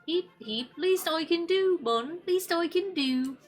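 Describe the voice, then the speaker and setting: A woman's voice: sits high, measured pace, soft background music, pitched above the performer's own voice. A woman doing a chirpy cussing robot cook. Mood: boastful. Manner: cheery lilting put-on accent, bleeped cussing. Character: chirpy male robot cook who cusses.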